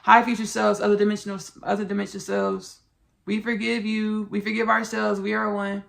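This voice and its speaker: A female podcast host with a Southern US country accent delivers a spiritual monologue that rambles, repeats itself and keeps restarting, calling listeners "y'all" and "baby" in familiar asides. Her medium-pitched voice is flat and brisk, with vocal fry.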